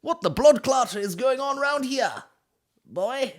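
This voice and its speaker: A man voicing a swaggering male drug dealer in a mock West Indian accent, loud and slow, full of curses. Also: extremely high pitch, expressive, voice pushed up, heavily acted. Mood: aggressive. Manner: loud, cursing, slow and drawn out.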